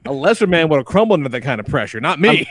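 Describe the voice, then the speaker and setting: A man's voice: fairly high pitch, sing-song, rapid-fire, dry recording. A man co-hosting a podcast in casual chat, joking, swearing freely and acting out what others said. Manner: profane, jokey, acts out quotes. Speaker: podcast host.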